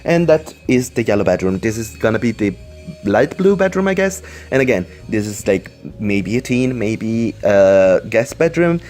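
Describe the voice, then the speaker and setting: A man's voice: fairly low pitch, very animated, moderate pace, darkish tone, soft background music. A man with English as a second language doing casual voice-over commentary at home, rambling with many fillers and apologies. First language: not English. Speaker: Sims speedbuild commentator. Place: indoors at home, computer on lap.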